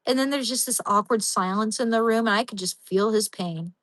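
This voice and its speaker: A young woman hosts a livestream, chatting casually to her viewers and addressing them by name. Her slightly high voice moves at a moderate pace with few pauses, but she rambles and restarts often. The sound is dry and close with no echo, though the audio quality is poor.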